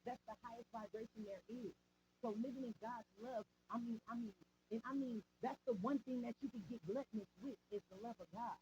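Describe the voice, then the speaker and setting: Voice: mid-range voice, dark tone. Preachy, profane motivational life coach. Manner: preachy, profane street slang, repeats filler phrases. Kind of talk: motivational spiritual monologue. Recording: dull lo-fi recording with faint hum.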